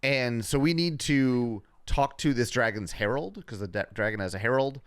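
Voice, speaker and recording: A man explains what his group must do next in relaxed, filler-laden speech. His voice sits at a middle pitch and comes through clear and clean. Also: moderate pace, no echo, studio quality. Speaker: tabletop role-play player. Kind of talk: casual recap of game plans.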